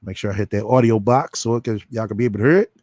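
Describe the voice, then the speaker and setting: A man's voice: fairly low pitch, very fast, darkish tone, no room sound. A man doing casual reaction commentary, talking bluntly and with profanity straight to his viewers. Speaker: commentary streamer.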